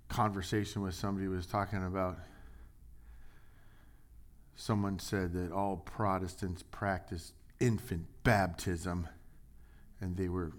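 Sitting low in pitch, this man's voice belongs to a pastor delivering a sermon. He reads from scripture and performs the quotes, moving back and forth between loud, raised lines and hushed asides.

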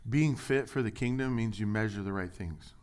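A man preaching a sermon, reading scripture and acting out quotes, shifting between loud, raised lines and quiet asides. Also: lowish voice, moderate pace, clear, resonant tone. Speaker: pastor.

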